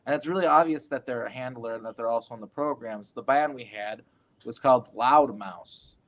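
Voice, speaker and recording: A man's voice: medium pitch, fast, fairly bright tone. A man in a casual round-table chat, rambling and earnest, with many fillers. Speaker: guest.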